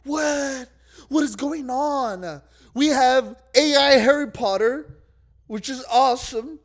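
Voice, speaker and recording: A man's voice: very high voice, slow pace. A young man ranting in a casual vlog, rambling and exasperated, swapping swear words for milder ones. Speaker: vlogger.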